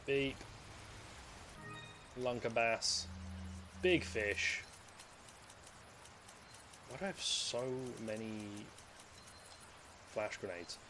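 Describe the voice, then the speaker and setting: A man streaming a video game, chatting to himself and his viewers in a loose, rambling way. He jokes and swears freely as he plays, in a voice of ordinary middle pitch. A faint ambient hum sits under the voice. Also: animated, very slow, long pauses. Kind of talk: casual live gameplay commentary.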